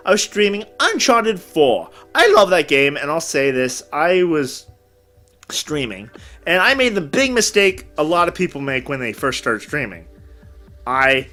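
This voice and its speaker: A man hosting a casual chat, rambling through stories with crude humor. His voice sits high and bright and swings widely in pitch. Faint music plays in the background. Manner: animated storyteller, rambling, crude jokes. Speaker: podcast host.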